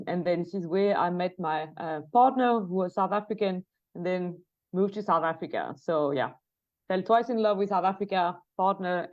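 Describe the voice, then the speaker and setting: French-accented woman, lowish voice, muffled audio. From France. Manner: many fillers and restarts, laughs easily. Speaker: guest researcher. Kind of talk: podcast interview.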